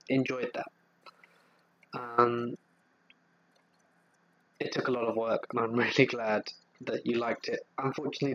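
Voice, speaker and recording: A man, hosting a casual live stream and answering viewer questions in a chatty, hesitant way. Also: mid-range voice. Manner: chatty, hesitant, with frequent fillers and restarts. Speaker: horror story narrator and channel host.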